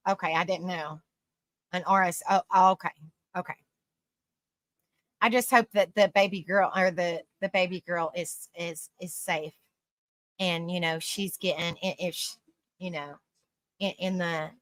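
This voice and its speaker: A woman hosts a relaxed livestream with a bright, forceful voice. She laughs a lot and rambles through her sentences. The sound is close and dry, with no room echo. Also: fairly low pitch, moderate pace. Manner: laughs often, rambling with frequent restarts; affectionate, calls people honey and sweetie. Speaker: live stream host. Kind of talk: casual live-stream chat, reading comments aloud.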